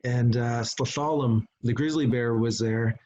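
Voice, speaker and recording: A middle-aged man from Canada, a chief giving a conference talk, telling a story unhurriedly with frequent pauses and restarts over a video call. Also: mid-range voice, steady tone, a little mellow, lo-fi sound. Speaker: Indigenous chief and conference speaker. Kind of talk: storytelling presentation.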